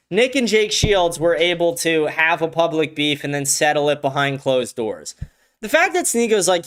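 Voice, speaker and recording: A young man hosting a casual livestream from home, blunt and profane, ranting and breaking into excited shouts. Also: fairly high pitch. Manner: animated, bursts of excited shouting. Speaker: livestream show host. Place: home, with a dog nearby.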